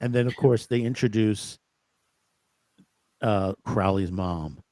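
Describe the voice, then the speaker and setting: A man co-hosting a podcast, talking in an easygoing, agreeable way with halting restarts. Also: fairly low pitch, warm tone, no room sound. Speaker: podcast co-host. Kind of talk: casual chat.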